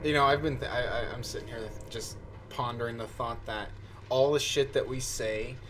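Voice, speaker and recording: A man's voice: medium pitch, steady tone, moderate pace, fairly bright tone, a little hiss or hum. A man chatting casually over a game, rambling, laughing often and swearing. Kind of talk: casual gameplay chat.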